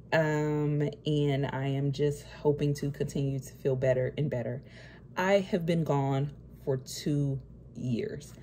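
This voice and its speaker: A young woman talking to camera in an emotional personal vlog, nervous and close to tears, halting with many fillers. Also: low voice, dark tone, a little hiss or hum. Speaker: vlogger.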